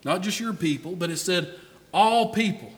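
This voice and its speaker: A man's voice: high-pitched, moderate pace, big-room sound. A man preaching a sermon in a folksy way, calling out to members of the congregation by name.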